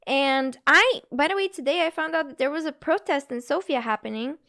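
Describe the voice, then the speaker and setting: A young woman with a high voice hosts a casual live stream. She giggles often and reacts to chat messages one after another in a loose, chatty way. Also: a little fast, bright, forceful tone. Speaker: Twitch streamer.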